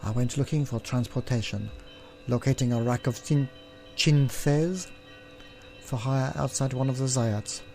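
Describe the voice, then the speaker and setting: Man, let's play host, reads game text aloud, mellow tone, throat clearing, faint background music. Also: medium pitch, unhurried. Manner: frequent throat clearing, offhand asides.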